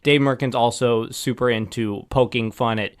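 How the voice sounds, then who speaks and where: Male podcast host, casual, analytical, relaxed, mid pitch. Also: moderate pace.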